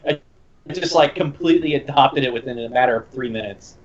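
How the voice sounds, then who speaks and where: A man's voice: on the high side, fairly quick. A man in casual chat on a video call, rambling with stammering restarts. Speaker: panelist. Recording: muffled online call audio.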